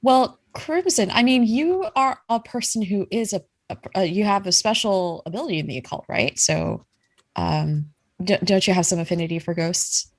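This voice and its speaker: A woman with a mid-range voice speaks at normal speed on a dry recording. She's a game master running a tabletop game, narrating hesitantly and giggling often, with many fillers.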